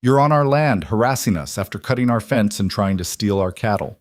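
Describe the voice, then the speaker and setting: A man's voice: fairly low pitch, animated, fairly quick, no room sound, clean studio sound, close to an everyday voice. A man voicing a firm, defiant young woman. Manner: clear, firm. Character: bold young city woman, defiant newlywed.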